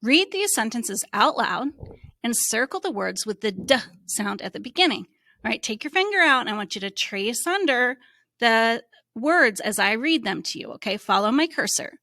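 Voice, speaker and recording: A woman who teaches reading, giving a slow, encouraging phonics lesson to young children and sounding out letters. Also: fairly high pitch, big pitch swings, sharp tone, no room sound, clean studio sound.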